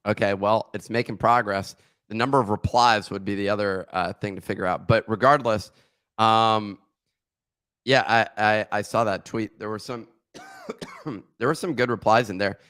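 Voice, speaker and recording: Low bright-voiced man, halting. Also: very animated, no echo, clean studio sound. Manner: halting, many restarts and fillers. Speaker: podcast co-host. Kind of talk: casual podcast chat.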